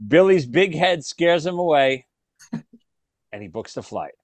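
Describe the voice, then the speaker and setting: A man telling a story to his friends in casual chat, animated, laughing often and repeating words. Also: on the high side, measured pace, no echo.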